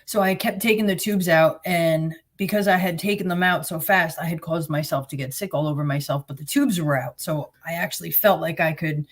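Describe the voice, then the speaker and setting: A woman's voice: low voice, brisk, few pauses. Blunt, sarcastic Jersey woman storyteller. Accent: New Jersey. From New Jersey. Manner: blunt, sarcastic, plain-spoken. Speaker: guest. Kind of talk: personal storytelling.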